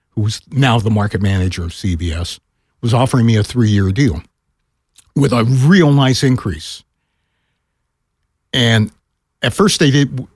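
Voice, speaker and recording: A man's voice: slightly rough, dry recording, studio quality. An older man, a retired broadcaster, telling a story in a casual chat on a podcast and acting out the other voices. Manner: animated, acts out quoted voices with pitch jumps.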